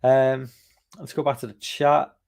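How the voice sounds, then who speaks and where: Man with a gravelly, creaky voice. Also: mid-range voice, little pitch movement, measured pace, a little mellow. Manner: rambling, loose, swears freely, many fillers. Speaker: livestream podcast host. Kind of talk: casual live-stream chat, reading viewer comments.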